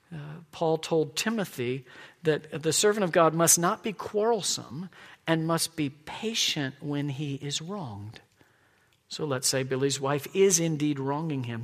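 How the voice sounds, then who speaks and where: A middle-aged man preaching a sermon in a church, earnest and emphatic, dropping to soft asides. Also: a little high, big-room sound. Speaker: pastor. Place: church sanctuary.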